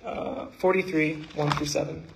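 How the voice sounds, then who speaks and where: Man, church speaker, slightly high voice; halting talk, fervent recitation. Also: fairly even intonation, background noise. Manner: halting, with fillers and restarts, rising when reciting. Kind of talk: devotional talk reciting scripture.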